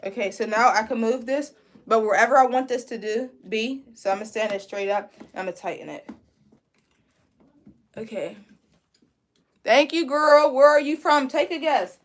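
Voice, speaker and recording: A woman's voice: fairly high pitch, normal speed, long pauses. A young woman from Pittsburgh, hosting a casual live braiding tutorial and chatting with viewers as she reads their comments. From Pittsburgh, USA.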